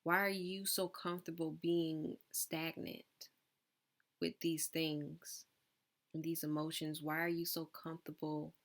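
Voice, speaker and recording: A woman's voice: deep voice, little pitch movement, measured pace. A woman giving a collective tarot reading, asking probing questions and breaking off for casual asides. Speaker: tarot reader.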